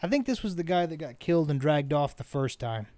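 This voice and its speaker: Expressive and a little fast, a man's slightly high, warm voice narrates a video game he's playing for his let's play. He's an adult parent who rambles chattily and frequently corrects himself mid-sentence, heard in a dry recording.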